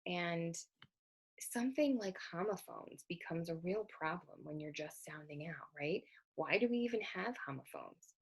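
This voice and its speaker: A woman's voice: lowish voice, gravelly, slightly rough. A woman literacy educator giving an explanatory lecture in a conversational way, often asking rhetorical questions.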